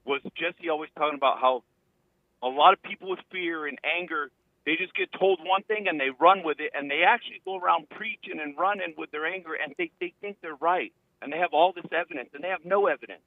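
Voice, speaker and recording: A male caller from California tells a rambling story and acts out what people said. His voice sits a little high and comes through a thin, tinny phone line with no room sound around it. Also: fairly quick, no echo. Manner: rambling, acting out quotes. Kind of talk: telling a story on a call-in show.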